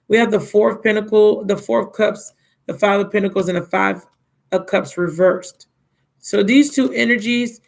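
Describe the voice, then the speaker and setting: A worn-out woman does a live tarot reading over poor audio, her voice sitting in the mid range. She's casual and blunt, yawning as she goes and calling listeners "baby" and "my love."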